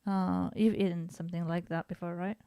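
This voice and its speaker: Brief: talkative woman podcast co-host, dry close sound, smooth timbre. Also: lowish voice, level tone, a little fast, warm tone, dry recording. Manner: chatty, laughing, frequent restarts. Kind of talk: casual chat.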